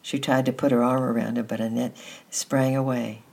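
Husky gravelly voice reading a kids story, steady, trips over a word now and then. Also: mid-range voice, moderate pace. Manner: steady, with occasional restarts. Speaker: narrator. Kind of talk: storybook narration.

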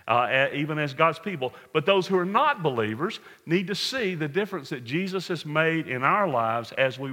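An American pastor with a slightly high, sharp voice preaches earnestly and directly to his congregation in a large hall. He calls them "folks" and lays out his message in numbered points.

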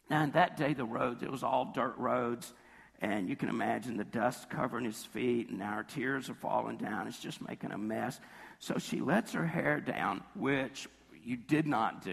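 A male preacher with a hoarse, gravelly voice that also sounds husky and rough. He tells his sermon like a casual story and breaks into little quoted voices. A long reverb trails after his words, as in a large church hall. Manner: conversational storytelling, acts out quotes with jumps in pitch.

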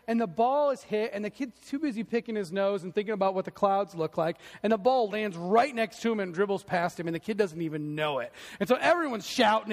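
High-voiced, animated male preacher. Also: long reverb tail. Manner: animated storytelling, emphatic, acts out quotes. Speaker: pastor. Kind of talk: sermon.

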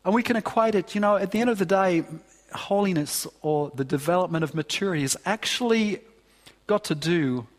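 A man's voice: high-pitched, expressive, brisk. A man preaching a sermon in a church, earnest and emphatic, often restarting phrases. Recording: long hall reverb.

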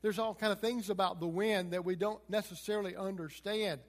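A man's voice: high-pitched, fairly even intonation, fairly quick, in a large hall. A man preaching a sermon, walking through scripture verse by verse and retelling it in plain, everyday words.

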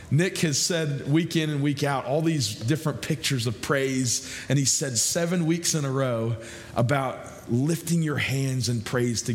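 A man preaching a sermon as pastor, conversational, repeating phrases and slowing down to stress key lines. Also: medium pitch, a little hiss or hum.

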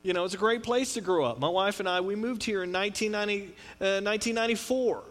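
A middle-aged male pastor from Texas preaches a sermon in a fast, high-pitched, slightly bright voice. His delivery is conversational and rambling, with frequent restarts and asides. The recording has long hall reverb and mains hum.

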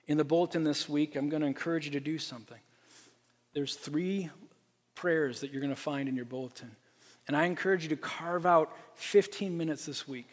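Earnest preacher in a reverberant hall. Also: male voice, on the high side. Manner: earnest, repeats phrases for emphasis, drops to a hush for appeals. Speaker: pastor. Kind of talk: sermon. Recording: long reverb from a large room.

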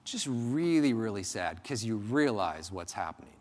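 A man's voice: on the low side, moderate pace. Conversational male pastor in a reverberant hall. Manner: conversational, animated, acts out quoted voices. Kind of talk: sermon.

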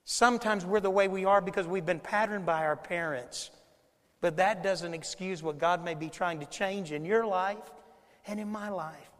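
Man, preacher, high voice, emphatic sermon, repeats phrases, long hall echo. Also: steady tone, moderate pace. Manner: conversational, emphatic, repeats phrases, addresses the congregation directly.

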